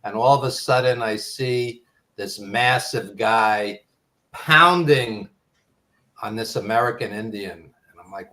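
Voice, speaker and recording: Pushed and bright, his fairly low voice comes at a slow pace. He's an older man from New York with a Brooklyn accent, a podcast guest drifting through nostalgic stories with frequent ums in a casual storytelling way.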